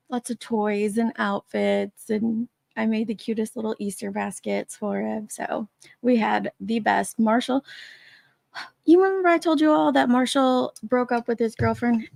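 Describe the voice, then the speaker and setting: A woman's voice: fairly high pitch, creaky, dry recording, studio quality. A woman hosting a casual live stream, chatting and laughing as she greets viewers by name from her basement man cave. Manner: chatty, laughing often, greeting chat names. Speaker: livestream host.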